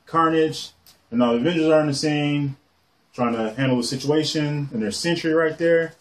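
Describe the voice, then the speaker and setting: A man casually showing off his comic collection on camera, rambling excitedly and swearing casually as he goes. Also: fairly high pitch, fairly quick. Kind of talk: casual show-and-tell.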